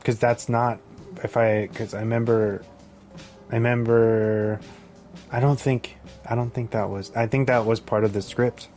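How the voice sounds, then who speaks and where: A man's voice: mid-range voice, little pitch movement, measured pace, a little mellow, soft background music. A man co-hosting a podcast, easygoing and profane, chatting about a film. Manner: easygoing, profane, laughs often. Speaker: podcast co-host. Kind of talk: casual film review chat.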